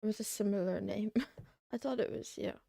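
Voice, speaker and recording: A woman livestreamer chatting casually to her audience, rambling and excitable, tossing in meows between remarks. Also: medium pitch, normal speed, creaky, no room sound, studio quality. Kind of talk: casual chat to a live audience.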